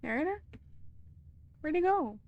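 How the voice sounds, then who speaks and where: A woman's voice: high voice, expressive, measured pace, phone-quality sound. A woman streaming a video game, talking to it in anxious, chatty commentary. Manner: anxious, calling out to a game character.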